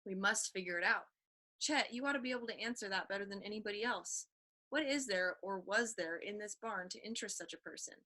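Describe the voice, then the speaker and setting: A woman reading the part of a calm, clever teenage boy detective who talks in a steady, reassuring way. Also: medium pitch, fairly quick. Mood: reasoning.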